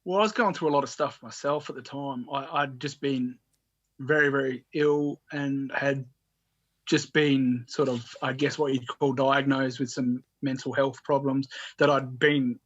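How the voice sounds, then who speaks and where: A man's voice: mid-range voice, fairly even intonation, a little slow, dry recording, muffled recording. A man telling a story as a podcast guest, rambling with frequent restarts and swearing. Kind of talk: casual storytelling.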